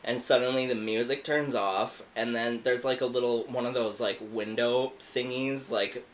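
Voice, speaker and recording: A man in his thirties tells a story on a podcast in a loose, rambling way. He fills nearly every sentence with "like" and swears freely. The voice sits at a middle pitch, and there is a faint hiss behind it. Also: steady tone, normal speed, low-quality recording. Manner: profane, rambling, lots of "like". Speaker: podcast co-host. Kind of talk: casual storytelling.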